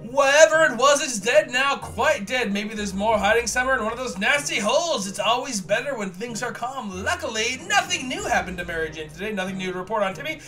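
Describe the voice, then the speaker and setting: A man's voice: high voice, bright, forceful tone. A man hosting a let's play of a survival game, reading its text aloud with mock drama and joking at his own slips. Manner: jokey, reads game text with mock drama, laughs at himself.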